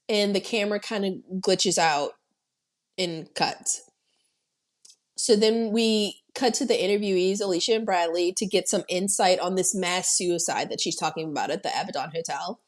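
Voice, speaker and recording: A woman co-hosting a podcast, recapping a horror film in animated casual chat and swearing freely. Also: medium pitch. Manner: animated storytelling, heavy swearing, acting out quotes. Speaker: podcast co-host.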